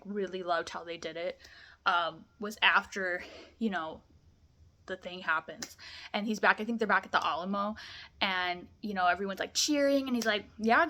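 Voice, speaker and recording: A woman's voice: medium pitch, pushed and bright. A young woman vlogging a film review, gushing in casual chat, full of "like" and "amazing".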